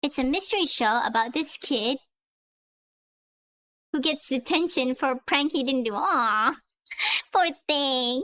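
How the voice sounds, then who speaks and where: A woman's voice: high voice, expressive, moderate pace, sharp tone. A woman streamer reading a comic aloud on stream, chatting and giggling between panels.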